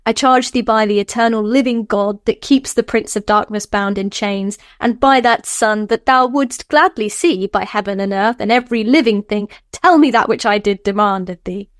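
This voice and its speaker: A woman's voice: medium pitch, normal speed, few pauses, no echo, clean studio sound, lightly acted. A woman reading a man conjuring a devil, in a solemn, formal invocation. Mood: commanding.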